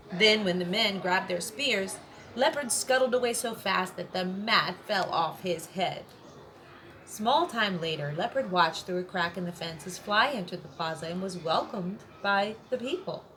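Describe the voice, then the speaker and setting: Woman reading a storybook aloud. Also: medium pitch. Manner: lively, voices the sound words.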